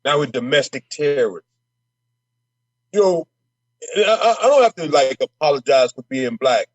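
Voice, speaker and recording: A man's voice: on the high side, very animated, normal speed, no room sound, dull audio. A man speaking as a guest on a podcast, brash and impassioned, stumbling and repeating words as he gets fired up. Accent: Minnesota. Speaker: state representative guest. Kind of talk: casual podcast conversation.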